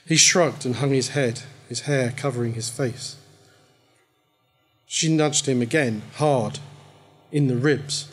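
A man reading his own short fiction aloud at a live event, in a measured storytelling manner. His voice is mid-pitched and somewhat husky. There is faint music in the background.

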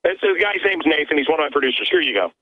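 An emphatic man speaks over a tinny phone line, his voice a little higher than most men's. He stumbles through repeated words as he pushes his point. The sound is dry and close, with no room around it. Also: expressive, racing, no room sound. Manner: emphatic, stammering restarts. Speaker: radio host calling in as guest. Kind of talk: animated call-in conversation. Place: his own radio studio. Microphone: telephone line.

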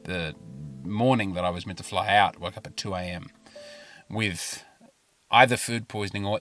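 A man's voice: low-pitched, normal speed, long pauses, fairly bright tone, faint music behind. An Australian man telling a rambling comic story in a self-mocking, chatty way, recorded in his car. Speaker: comedian and podcast host. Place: parked car.

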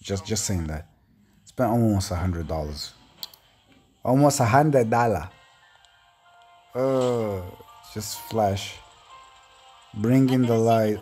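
A man doing casual commentary over gameplay as a gaming YouTuber, excitable and rambling, often stammering and restarting. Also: medium pitch, slow, long pauses, faint music behind.

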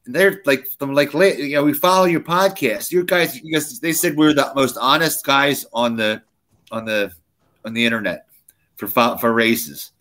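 A man's voice: medium pitch, normal speed, a bit bright. A man co-hosting a casual podcast, telling rambling stories and acting out what others said. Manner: rambling storyteller, acts out quoted people. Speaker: podcast co-host.

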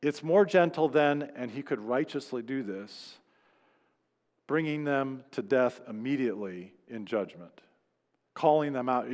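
A man's voice: medium pitch, animated, measured pace, a little mellow, in a large hall. A man preaching a sermon as pastor in a church, speaking conversationally and acting out quoted lines. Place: church sanctuary.

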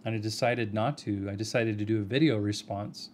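A man giving an earnest, measured video response, addressing someone directly by name and pressing his points with rhetorical questions. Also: lowish voice, fairly even intonation, darkish tone, slight background noise. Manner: earnest, argumentative, addresses the other person by name. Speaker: video commentator.

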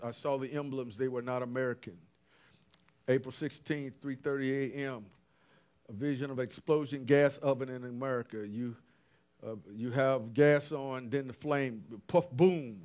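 A man's voice: medium pitch, a little mellow. A man preaching informally, recounting visions from his notes with restarts and asides. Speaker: apostle preaching. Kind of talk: sermon.

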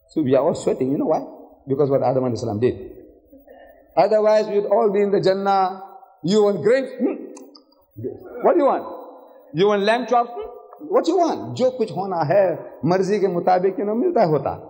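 A man's voice: high voice, fairly quick. An older man giving a public lecture on religion, telling stories with rhetorical questions and acting out the voices in quoted dialogue. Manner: animated storytelling with rhetorical questions. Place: hotel lecture hall. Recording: echoey hall reverb.

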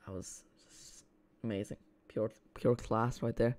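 A man's voice: on the low side, measured pace. Chatty Irish man streaming a match. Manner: chatty, rambling, excitable. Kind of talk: live football watch-along chat.

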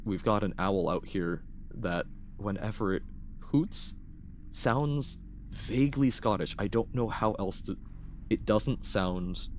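A man's voice: low voice, a little hiss or hum. A man streaming a game, rambling and self-deprecating in casual commentary. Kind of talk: casual let's-play commentary.

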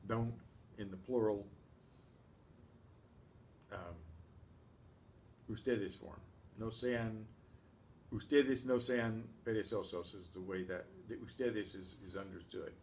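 A man teaching a class, speaking slowly and patiently and clearing his throat often. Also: on the low side, a little mellow, slight background noise. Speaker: Spanish teacher. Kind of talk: class lesson.

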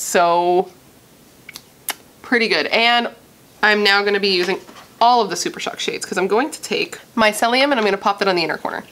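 A young woman from Missouri chatting casually and gushing as she does a makeup tutorial, thinking out loud. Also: medium pitch. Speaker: beauty vlogger.

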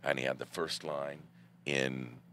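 A man guest on a podcast, telling theater stories in a measured, theatrical way. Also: very deep voice, level tone, sharp tone, slight background noise. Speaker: guest actor. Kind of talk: casual storytelling.

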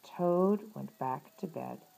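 A woman reading a children's picture book aloud in a slow, expressive storytelling manner. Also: deep voice, gravelly, faint music behind, poor audio. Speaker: storybook reader.

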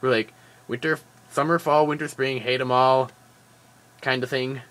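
Tired dude vlogging, goofy rambling chat, lots of likes and you-knows, average pitch. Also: male voice, normal speed. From Wisconsin. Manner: animated, jokey, rambling, with fillers. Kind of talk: casual daily vlog chat.

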